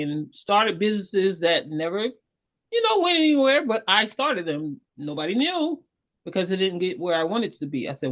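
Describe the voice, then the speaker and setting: A woman's voice: on the low side, big pitch swings, normal speed, a bit bright. A woman actor and singer chatting as an interview guest, telling her stories in a rambling, earnest way. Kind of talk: casual interview chat. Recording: dull lo-fi audio.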